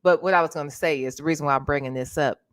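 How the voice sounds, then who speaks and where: A slightly hoarse woman hosting a casual late-night livestream, chatty and greeting viewers by name, calling them honey. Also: deep voice, rapid-fire. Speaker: livestream host.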